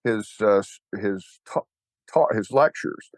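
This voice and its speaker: An older man with a Texan drawl tells stories in a loose, rambling way, with wry, self-deprecating humor and bursts of animation. His voice sits at a middling pitch. It sounds close and dry, with no room echo. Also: measured pace. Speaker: interview guest, church founder. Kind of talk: casual conversational interview.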